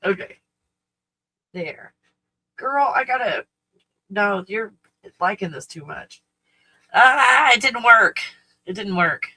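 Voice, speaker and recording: A woman's voice: mid-range voice, lively intonation, slow pace, long pauses, bright, forceful tone, slightly rough, no room sound, poor audio. A woman hosting a casual live stream from home, blunt and freely swearing, cooing in baby talk at her dog.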